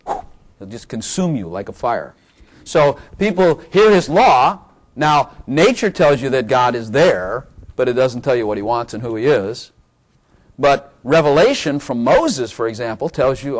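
A man preaching a sermon in a conversational way, chuckling often and building to excited, emphatic bursts. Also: medium pitch, normal speed. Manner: chuckling, playful asides, rising to excited emphasis.

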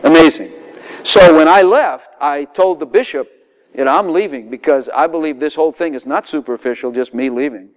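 A man's voice: a little high, normal speed. A man preaching a sermon, telling stories with laughter and acting out quoted voices. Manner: animated storytelling with laughs, dramatic quoted voices.

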